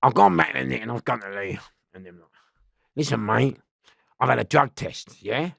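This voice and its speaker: A man's voice: mid-range voice, expressive, normal speed, creaky, fairly bright tone, dry recording, studio quality. A man telling rambling prison stories as an interview guest, swearing and laughing, often restarting. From London. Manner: swearing, laughing, keeps restarting his story.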